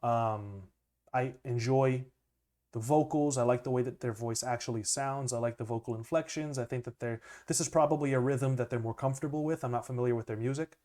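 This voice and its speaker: A man's voice: medium pitch, a little fast. Chatty young man reacting to music. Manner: chatty, animated, laughs often. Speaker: music producer reacting to an album. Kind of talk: casual reaction commentary. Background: music playing faintly.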